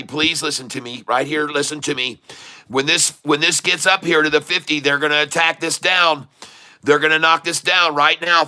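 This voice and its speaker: This man's voice sits on the high side, pushed and bright with a clear, resonant tone. Streaming live day-trading commentary, he reads chat with plenty of jokes and laughter, then keeps repeating urgent warnings to viewers.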